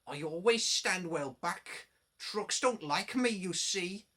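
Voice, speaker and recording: A man's voice: sits high, expressive, slow, bright, forceful tone, pitched above the performer's own voice, full character voice. A man voicing a sheepish, complaining little steam engine in a children's storybook reading. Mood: offhand. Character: sheepish whiny narrow-gauge engine.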